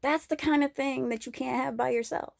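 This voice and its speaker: A woman's voice: high voice, steady tone, a little fast, vocal fry, dry recording. A woman vlogging from home, rambling candidly and crudely and laughing often as she talks. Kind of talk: casual rambling monologue.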